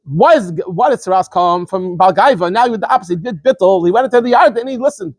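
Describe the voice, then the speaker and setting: Fast, high-voiced man teaching a scripture class. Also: dry recording. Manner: quick, animated explaining with frequent stammered repeats. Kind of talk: informal Torah lesson.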